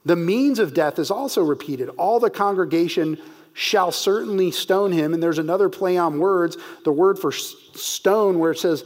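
Here a high-pitched man leads a verse-by-verse study of scripture, reading deliberately and putting weight on the key words.

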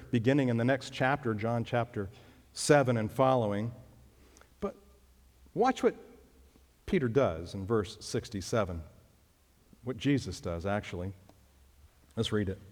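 A man preaching a sermon as pastor, emphatic and leaping up in pitch on key phrases. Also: big pitch swings, a little slow, pauses often, darkish tone. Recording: long reverb of a hall.

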